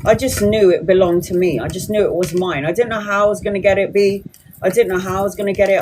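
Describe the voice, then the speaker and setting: A woman's voice: medium pitch, a little mellow, a little hiss or hum, rough recording. Chatty woman giving live tarot readings. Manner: chatty, reassuring, answers viewer questions. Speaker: tarot reader. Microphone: phone or webcam on a live stream.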